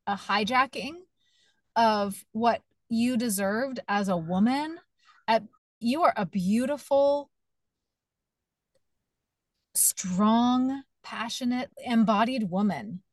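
A higher-voiced woman hosting a birth-story podcast, earnest and emphatic as she speaks to listeners. Her voice sits close and dry on the mic, with no room sound behind it. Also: slow pace, pauses often, no room sound. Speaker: podcast host. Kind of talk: casual interview chat.

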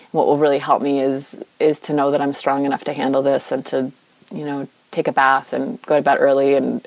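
A woman's voice: low voice, a little mellow, no echo, low-quality recording. A young woman talking informally about yoga and spiritual practice, with many fillers and restarts. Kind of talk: reflective spiritual monologue.

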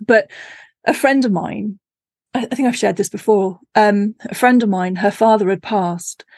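A woman's voice: medium pitch, normal speed, darkish tone, no room sound, studio quality. A woman, a podcast guest and author, telling stories in a casual chat and acting out her own reactions with laughs. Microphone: remote call.

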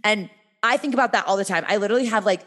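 A woman speaks as a guest on a podcast in an easy, conversational way. She sounds upbeat and motivational. Her words rush out, full of filler words. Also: medium pitch. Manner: energetic, motivational, fast with many fillers.

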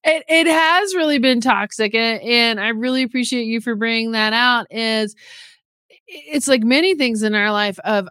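Woman interviewer, affirming, reflective questions, higher voice, dry sound. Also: moderate pace, fairly bright tone, no room sound. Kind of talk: conversational interview.

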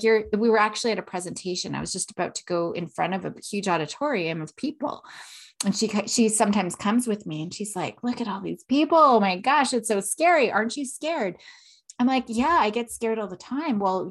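A woman in her thirties hosting a parenting podcast, explaining in a casual teaching monologue and acting out feelings and quotes. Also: medium pitch. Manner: animated, acts out emotions and quotes with tag questions.

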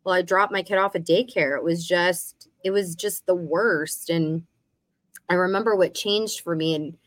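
Lively woman co-host, dry close sound. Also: lowish voice, moderate pace, no room sound. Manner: animated storytelling, acting out past conversations. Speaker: podcast co-host. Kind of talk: casual chat.

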